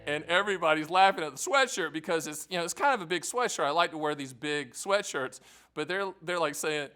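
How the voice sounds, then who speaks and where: A high-voiced man delivers a direct-to-camera explainer as an annuity agent. His tone is bright and forceful, and he keeps things energetic, joking and emphatic. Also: a little fast, soft background music. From American South. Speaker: annuity agent hosting his own channel.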